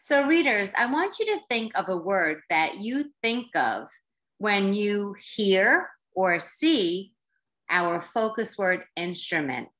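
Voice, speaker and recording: A woman teacher with an American accent leads a classroom lesson for young learners. She speaks slowly, in a very lively and varied voice. Her manner is encouraging, and she stretches words out syllable by syllable. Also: medium pitch. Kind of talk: slow, clear classroom instruction for young learners.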